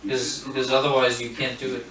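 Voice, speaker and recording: A man's voice: mid-range voice, monotone, brisk, roomy sound, far from the mic, noisy background. Earnest man talking about faith. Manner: earnest, emphatic, insistent. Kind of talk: casual chat about faith.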